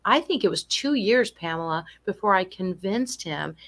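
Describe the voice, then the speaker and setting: Older woman nurse as guest, earnest and explanatory, mid-pitched, slips into quoted voices. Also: expressive, normal speed, a bit bright. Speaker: guest, registered nurse and dementia specialist. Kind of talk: casual conversation.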